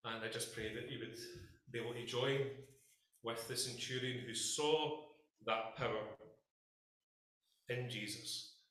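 A man's voice: mid-range voice, bright, forceful tone. A Scottish man preaching a passionate sermon to his congregation in a church hall, speaking emphatically and addressing them directly. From Scotland. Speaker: pastor.

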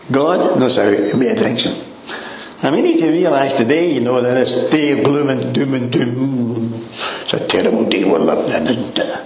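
Chuckling preacher in an echoey room. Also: male voice, medium pitch, slight background noise. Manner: conversational, chuckling, peppered with "you know". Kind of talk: sermon. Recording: echoey room with faint ambience.

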